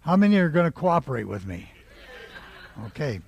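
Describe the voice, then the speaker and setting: A man preaching a sermon, leading the congregation in call-and-response and rising to loud exclaiming. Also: on the high side, big pitch swings, normal speed, creaky, pauses often, breathy edge.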